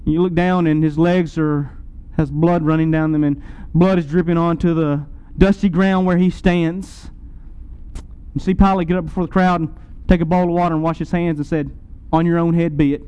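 A man preaching a sermon, retelling a scene dramatically to his listeners and swinging between loud and soft. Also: a little high, fairly even intonation, moderate pace, clear, resonant tone, lo-fi sound.

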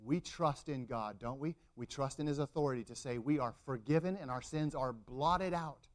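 A man's voice: mid-range voice, moderate pace, few pauses. A middle-aged man preaching a sermon, acting out the people in the story with rising intensity. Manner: dramatic, acts out quotes with rising intensity.

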